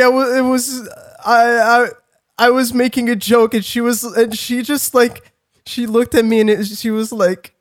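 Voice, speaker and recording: A man's voice: extremely high pitch, steady tone, moderate pace. A young man co-hosting a podcast, telling a story in a rambling way, swearing and laughing at himself. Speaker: podcast co-host. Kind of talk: casual chat.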